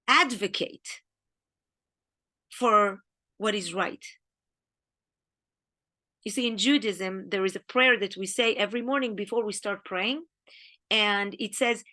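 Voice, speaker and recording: A woman's voice: fairly high pitch, pushed and bright. A woman with an Israeli accent gives an earnest, grieving talk on the weekly Torah portion, speaking in short emphatic phrases. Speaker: Jewish teacher.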